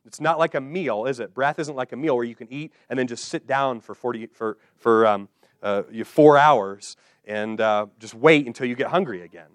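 A man's voice: medium pitch, dry recording, clean studio sound. Man preaching an emphatic sermon. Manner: emphatic, repeats key phrases slowly; addresses listeners directly with questions. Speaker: pastor. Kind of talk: expository sermon.

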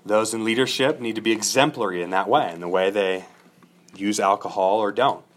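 A man's voice: on the low side, fairly quick. A middle-aged man preaching an expository sermon, earnest and emphatic, building points through repeated lists. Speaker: pastor.

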